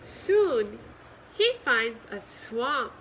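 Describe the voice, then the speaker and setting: A woman reading a children's picture book aloud for storytime. Her delivery is gentle and expressive, very slow, with a bright, clear voice that rises and falls a lot. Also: on the high side, slight background noise, rough recording. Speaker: storytime reader.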